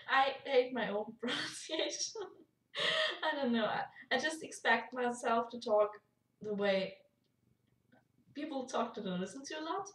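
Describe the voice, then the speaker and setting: A woman's voice: fairly high pitch, unhurried, pauses often, a bit bright. A young woman with a German accent, chatting casually in a rambling vlog and laughing often. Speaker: YouTuber. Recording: echoey room, far from mic.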